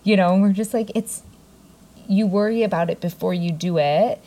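A woman co-hosting a podcast, chatting casually and telling animated stories, acting out what people said. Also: medium pitch, moderate pace, poor audio. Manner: chatty storyteller, acts out quotes with whispers and laughs. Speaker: podcast co-host. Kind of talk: casual chat.

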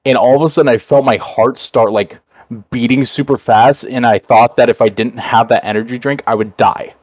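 A young man spins a long tale on a podcast, mid-pitched and recorded close and dry. He rambles casually, swears freely and keeps filling pauses with "uh" and "like". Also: fairly even intonation, a little mellow, no room sound. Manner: rambling and profane, full of fillers. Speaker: podcast host. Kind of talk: casual storytelling chat.

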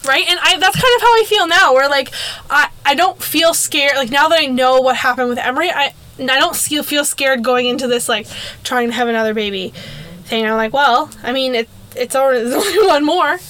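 A woman's voice: high-pitched, brisk, pushed and bright. A young woman co-hosting a podcast, talking candidly and laughing, often restarting her sentences. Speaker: podcast co-host. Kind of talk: casual chat.

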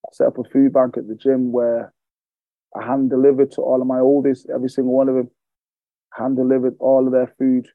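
A man's voice: mid-range voice, completely flat delivery, fairly quick, no echo, phone-quality sound. A man, a fitness coach, telling candid stories as a podcast guest, swearing freely and repeating phrases for emphasis. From England. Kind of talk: emotional podcast storytelling.

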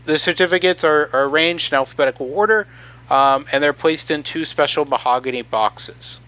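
A man's voice: fairly high pitch, normal speed, sharp tone, dull audio. A man on a podcast explaining a process from notes, hesitant and matter-of-fact with frequent ums. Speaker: podcast host presenting research.

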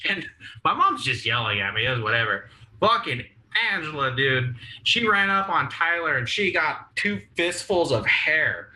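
A man's voice: fairly high pitch, a little slow, low-quality recording. A young man casually telling crude, laughing stories to friends on a podcast. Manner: crude, laughing, animated storyteller. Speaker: podcast co-host. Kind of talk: casual storytelling chat.

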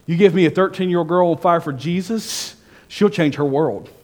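Fervent high-voiced pastor. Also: male voice, normal speed, long reverb tail. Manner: storytelling, swings from hushed to fervent. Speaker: senior pastor. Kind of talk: sermon.

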